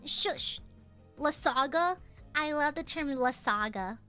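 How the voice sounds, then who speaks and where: Bright, high-voiced woman with a subtle Southern twang. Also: lively intonation, a little slow, soft background music. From United States. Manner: chatty, playful, pouty teasing. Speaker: streamer. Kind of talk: casual chat reading donations.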